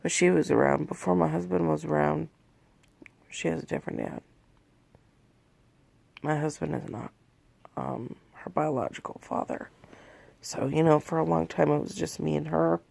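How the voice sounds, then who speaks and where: A woman's voice: low-pitched, fairly even intonation, moderate pace, vocal fry, pauses often, a little mellow, no room sound. A woman in her thirties talking from bed into a phone in a rambling, candid confessional vlog, shaky and worn out after a panic attack. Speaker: vlogger. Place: in bed in a bedroom at home.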